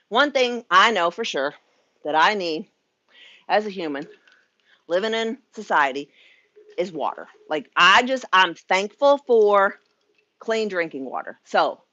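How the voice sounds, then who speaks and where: A woman's voice: mid-range voice, bright, forceful tone, no echo, lo-fi sound. A middle-aged woman from the United States, a spiritual life coach venting frankly to her viewers at home, chatty, swearing and laughing, sweaty. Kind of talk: casual vlog rant.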